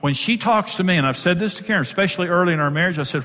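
A man teaching about marriage in a large hall, his slightly high voice carried by a long reverb. He speaks emphatically and repeats key words to drive each point home. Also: lively intonation, racing, pushed and bright. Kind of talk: teaching talk to an audience.

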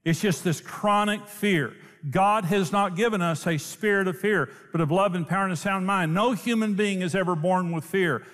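A man preaching a sermon, telling a story in an animated way and laughing often. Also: sits high, moderate pace, few pauses. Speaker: pastor. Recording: long hall reverb.

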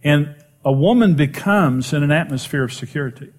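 A middle-aged man pastor preaching a sermon, telling a personal story in a self-deprecating way and rising in pitch for emphasis. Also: animated, brisk.

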